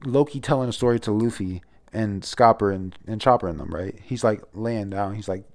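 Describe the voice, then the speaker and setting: A man's voice: lowish voice, normal speed, darkish tone. A young man casually reviewing a comic chapter, rambling and profane with lots of restarts. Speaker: manga reviewer.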